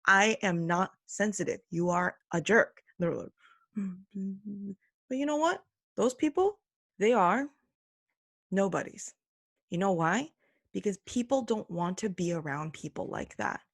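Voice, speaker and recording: A young adult woman hosting a solo podcast, talking earnestly and emphatically, now and then mimicking other people in quick put-on voices. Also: medium pitch, animated, creaky, no echo, clean studio sound. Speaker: podcast host. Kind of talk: opinionated solo commentary.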